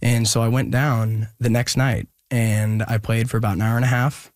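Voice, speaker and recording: A young man from Oregon telling a personal story as an interview guest, earnest and hesitant, with many pauses and restarts. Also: mid-range voice, level tone, no room sound, studio quality.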